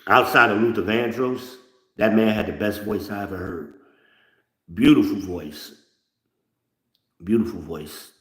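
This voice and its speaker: A man giving blunt, profane relationship advice in an animated, lecturing monologue. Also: fairly low pitch, measured pace, long pauses, echoey room. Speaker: online commentator.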